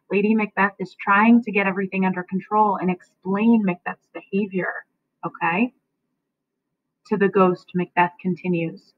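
A woman teacher walks her students through a play, pausing often to ask "okay?". Her pitch sits in a middle range. The recording is thin and phone-like, with no room echo. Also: steady tone. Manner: checks in often with a questioning "okay?". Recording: dry, tinny phone-like sound.

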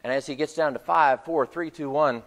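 A man's voice: fairly high pitch, moderate pace, big-room sound. A man preaching a sermon to his congregation, retelling a film scene as a story. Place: church hall.

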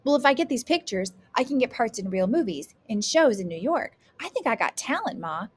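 A woman's voice: fairly high pitch, sing-song, brisk, breathy edge, pitched above the performer's own voice. A woman reading aloud voices a hopeful teenage boy who dreams of being an actor and pleads eagerly.

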